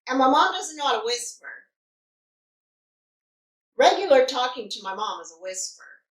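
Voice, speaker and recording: A woman vlogger telling a story animatedly, sometimes dropping into quiet asides. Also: high-pitched, sing-song, moderate pace. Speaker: mukbang vlogger. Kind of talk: casual storytime. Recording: echoey room, distant mic.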